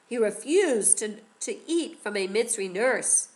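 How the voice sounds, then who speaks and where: A woman teacher telling a story to children, animated and expressive, often asking questions. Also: mid-range voice, normal speed, few pauses.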